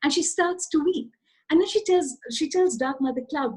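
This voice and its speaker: A woman author telling a children's story in an animated, expressive way, addressing her listeners directly. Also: high-pitched, moderate pace, low-quality recording.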